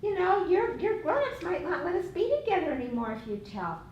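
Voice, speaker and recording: A woman's voice: very high voice, very animated, brisk, dull audio, a little hiss or hum, voice pushed up. A woman pretending to be a pushy adult who coaxes and pleads sweetly during a safety role-play. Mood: coaxing. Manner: coaxing, sugary pleading. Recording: echoey room, distant mic.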